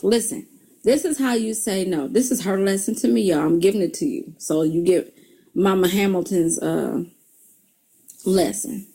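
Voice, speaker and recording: Middle-aged woman host giving upbeat self-help advice to viewers, quick to laugh. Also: mid-range voice, husky. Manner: animated storyteller, laughs often, addresses viewers as y'all. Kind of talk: motivational talk.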